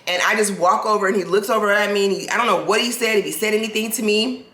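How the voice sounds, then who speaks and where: A woman in her forties telling a personal story to her own camera, animated and restarting sentences. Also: medium pitch, fast talker, echoey room. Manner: animated, restarts sentences, acts out quoted people. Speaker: vlogger. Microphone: self-filmed camera.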